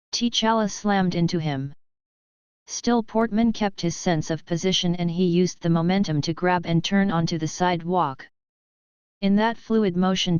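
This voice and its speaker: A woman reading an action story aloud in an even, measured way. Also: fairly low pitch, smooth, no echo, dull audio. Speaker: narrator. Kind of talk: storybook narration.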